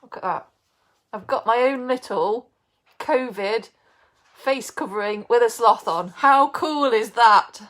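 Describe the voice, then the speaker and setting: A woman's voice: on the high side, slow, a bit bright. A middle-aged woman from England chatting casually on a live baking stream, greeting viewers by name and laughing often.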